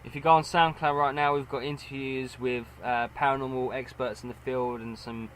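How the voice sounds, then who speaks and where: A man's voice: mid-range voice, level tone, brisk, crowd noise, low-quality recording. A man co-hosting a casual chat, rambling and cutting himself off mid-sentence. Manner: rambling, self-interrupting. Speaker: co-host.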